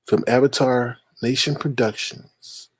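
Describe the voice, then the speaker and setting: A man's voice: mid-range voice, steady tone, measured pace, husky, no echo. A man hosting a livestream, teasing and shady as he reads viewer chat aloud and gives gossip commentary. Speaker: livestream host reading chat.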